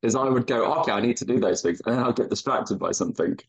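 A man's voice: fairly low pitch, fast talker, breathy edge. A man, a podcast guest, explaining things in a reflective, rambling way. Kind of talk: casual chat. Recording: dull muffled audio.

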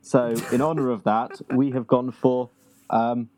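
A man playing in a tabletop game session, relaxed and explaining with small pauses. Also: mid-range voice, no echo, rough recording. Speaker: player. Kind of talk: casual chat during a tabletop game.

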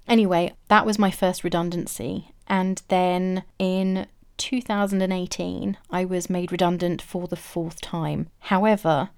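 Woman vlogger, candid first-person story, fairly low pitch, reflective and matter-of-fact. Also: a little mellow, smooth.

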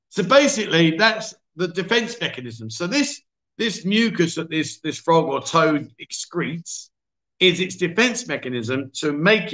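Man, livestream host, casual chat, self-mocking, fairly high voice. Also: a bit bright. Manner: chatty, self-mocking, full of fillers and voices for quotes. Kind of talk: casual storytelling and reading viewer comments.

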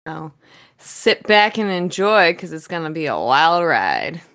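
A sassy bunny showgirl voiced by a woman in a tabletop game. Her voice sits low for a woman but swings up and down a great deal. She talks slowly, in a playful, drawn-out way. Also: very animated, gravelly, fairly bright tone, heavily acted. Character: flirtatious female bunny showgirl. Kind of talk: tabletop role-play.

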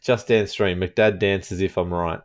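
A man's voice: sits low, steady tone, normal speed. A man hosting a casual gaming podcast, teasing his co-hosts and laughing often as he talks. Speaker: podcast host.

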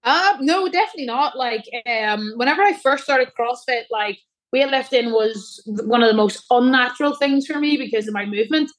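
Young female guest, loose and giggly, talks in rambling bursts, voice sitting a bit high. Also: fairly quick. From Ireland. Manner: laughing, rambling with many fillers. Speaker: guest athlete. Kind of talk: casual chat.

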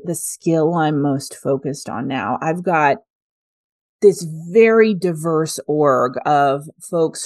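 In her thirties, this business executive appears as a guest in a conversational interview, her fairly low, darkish voice captured dry with clean studio sound. As a revenue executive, she responds in an earnest, reflective way and laughs often.

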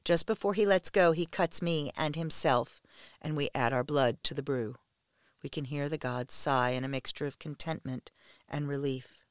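A man reading a first-person story aloud in a slow, hushed, measured way. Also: a little high, clean tone, no room sound, studio quality.

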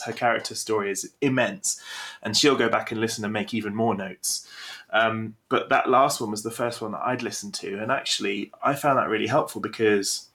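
A young man, a podcast co-host and game master, chatting casually with animated, self-deprecating storytelling. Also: medium pitch.

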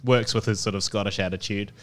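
A man hosting a casual podcast chat, relaxed and laughing easily, with halting restarts. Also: fairly low pitch. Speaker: podcast host and venue organiser.

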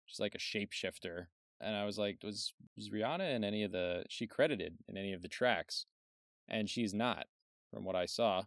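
A young male podcast co-host with a low, plain voice works from notes as he chats through a film review at normal speed, relaxed and offhand, swearing casually and sometimes trailing off quieter. He's miked close and dry, with no room sound at all.

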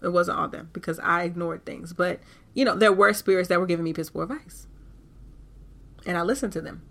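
Woman, podcast host, casual candid talk, bright voice, animated. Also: lowish voice, brisk. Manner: animated and candid, with frequent cursing.

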